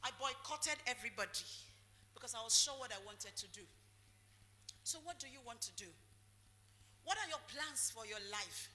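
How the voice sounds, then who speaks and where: A woman's voice: sits high, sharp tone. A woman giving a motivational talk, calling out questions for the audience to finish. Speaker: motivational speaker. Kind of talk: call-and-response motivational talk. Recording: echoey hall, faint noise.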